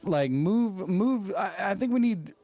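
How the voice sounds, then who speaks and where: A man's voice: sits high, animated, takes it slowly, dark tone. A male game streamer, a guest on a podcast, talking in an earnest, loose stream of thought in casual chat.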